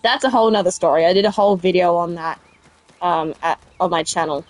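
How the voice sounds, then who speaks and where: A let's play streamer with a South Australian accent chats casually with her viewers as she plays a game, rambling and answering live chat. Her voice sits on the low side, steady in tone and brisk in pace.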